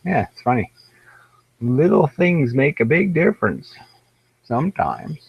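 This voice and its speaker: A man's voice: on the high side, animated, unhurried, vocal fry, husky, no echo. A man with an American accent hosting a live stream alone, rambling in a wry, profane, self-mocking way. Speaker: livestream host. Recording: dull lo-fi livestream audio.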